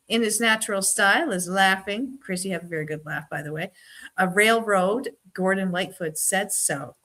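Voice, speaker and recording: A woman's voice: medium pitch, a bit bright. A woman from Newfoundland with a Newfoundland accent, hosting a casual live-stream trivia game, chatty and giggly, reading viewers' answers aloud and teasing them by name. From Newfoundland, Canada.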